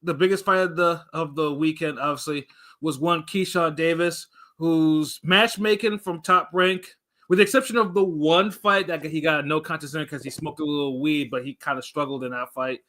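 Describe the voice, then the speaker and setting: A man's voice: a little high, fairly even intonation, moderate pace, bright, forceful tone. Easygoing man co-hosting boxing talk. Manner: easygoing, filler-heavy, laughs along. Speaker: co-host of a boxing talk show. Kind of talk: casual chat.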